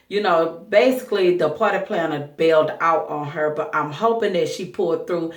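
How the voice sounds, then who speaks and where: Woman vlogger with a low voice and a choked-up throat, gossipy recap, echoey room, a bit off-mic. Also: far from the mic. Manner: chatty, gossipy and candid. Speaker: reality TV reviewer. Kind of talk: casual recap vlog.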